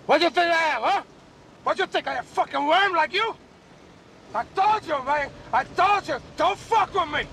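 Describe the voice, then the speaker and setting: An actor playing a volatile, furious drug lord in a film clip, shouting and cursing. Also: male voice, very high voice, expressive, moderate pace, vocal fry, slight background noise, full character voice. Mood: enraged. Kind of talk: film dialogue. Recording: film clip with music behind.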